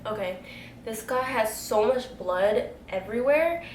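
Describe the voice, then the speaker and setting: Animated young woman telling a story. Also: a little high, a little slow. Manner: animated, acts out quotes, swears casually. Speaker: beauty vlogger telling a story. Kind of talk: casual storytime vlog. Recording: echoey room, faint background noise.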